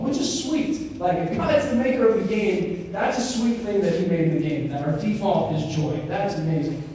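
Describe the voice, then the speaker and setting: A young man giving a casual faith talk, telling stories with lots of fillers. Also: high-pitched. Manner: animated storytelling with many fillers. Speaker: speaker on Christian formation. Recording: very echoey hall, mic far off, faint noise.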